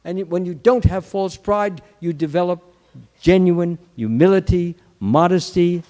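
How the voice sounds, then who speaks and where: High-voiced man preaching in a reverberant hall. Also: dark tone, soft background music. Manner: acts out quotes, restarts words, lists qualities slowly. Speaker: Hare Krishna swami giving a Sunday lecture. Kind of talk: sermon storytelling. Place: temple hall.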